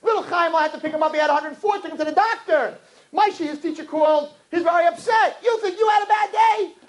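A man voicing an overworked, exasperated wife and mother who complains in a shrill, one-upping way. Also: fast, some chatter behind.

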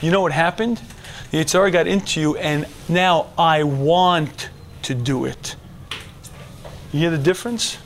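Animated high-voiced man preaching. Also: normal speed, a little hiss or hum. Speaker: religious teacher. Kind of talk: lecture to a men's audience.

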